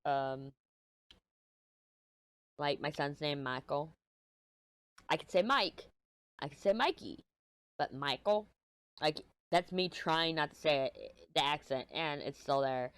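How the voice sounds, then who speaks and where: Low-voiced rambling Texan woman. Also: expressive, measured pace, long pauses, a bit bright, clear, resonant tone, no room sound. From Texas. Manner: rambling, jumps between topics, swears casually. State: a little stuffy-nosed. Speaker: craft vlogger. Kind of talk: casual chat while crafting.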